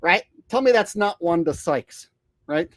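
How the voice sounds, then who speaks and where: A man's voice: sits high, big pitch swings, unhurried, gravelly, no echo, studio quality. A man hosting a casual commentary monologue, sardonic and conversational. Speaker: commentary channel host.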